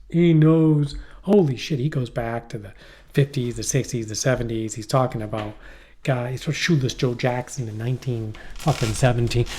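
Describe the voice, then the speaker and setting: Podcast co-host, male, mellow and dark tone, rambling, salty language. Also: medium pitch. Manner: rambling, animated, swearing. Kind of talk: casual chat.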